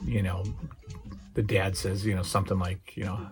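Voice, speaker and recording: A man's voice: deep voice, little pitch movement, fairly quick, darkish tone, soft background music. A middle-aged man hosting his own channel, chatting casually and hesitantly about memorable TV moments, with lots of fillers and restarts and a touch of emotion. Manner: gets emotionally worked up retelling scenes. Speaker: channel host.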